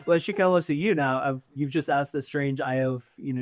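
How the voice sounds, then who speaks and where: Brief: a giggly, chatty man running a tabletop game, mid-pitched. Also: brisk, few pauses. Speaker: game master.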